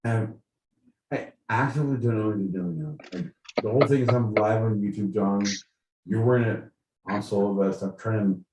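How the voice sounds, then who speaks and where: A man co-hosting a live-streamed podcast, telling a story loudly and profanely with lots of filler and rambling. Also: on the low side, normal speed, echoey room, far from the mic, poor audio. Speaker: podcast co-host. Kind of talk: rowdy live-stream banter.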